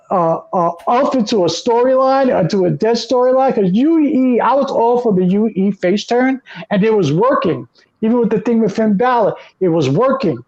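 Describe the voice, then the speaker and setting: A man hosting a casual podcast chat, excitable and gushing. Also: extremely high pitch, lo-fi sound. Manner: excitable, gushing, acts out quotes. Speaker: podcast host.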